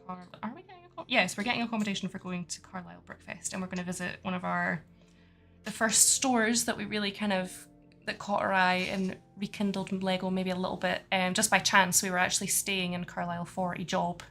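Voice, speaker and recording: A woman's voice: medium pitch, steady tone, brisk, fairly bright tone, soft background music. A Scottish woman hosting a casual livestream chat, rambling along with lots of fillers. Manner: chatty, rambling with many fillers, laughs often. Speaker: host.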